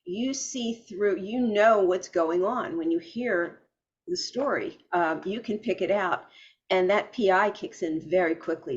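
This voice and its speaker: Woman host agreeing a lot, calm and reflective, kinda muffled audio. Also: lowish voice. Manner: affirming, steady, reflective. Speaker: podcast host. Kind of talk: conversational interview.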